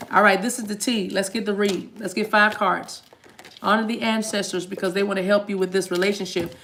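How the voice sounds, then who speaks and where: A woman's voice: mid-range voice, a bit bright. A woman giving a live tarot reading, talking straight to her viewers in a chatty, spiritual way. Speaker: tarot reader.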